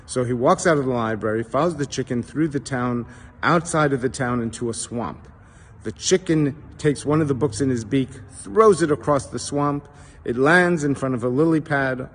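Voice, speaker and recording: A rabbi telling jokes, with a deadpan delivery aimed at the punchline. His voice is husky and sits at a middle pitch. A long echo hangs around him, as in a big hall. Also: moderate pace. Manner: deadpan, punchline-driven storytelling.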